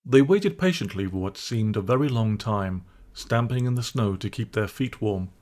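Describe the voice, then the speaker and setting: A man narrating a classic children's storybook in a calm, measured way. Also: lowish voice. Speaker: audiobook narrator.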